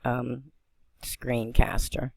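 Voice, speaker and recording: A woman from western Pennsylvania vlogging on a phone, excitable and rambling as she talks, often breaking into laughter. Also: rumbling low, drawn-out words, vocal fry, husky, dry recording. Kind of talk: excited spiritual vlog narration.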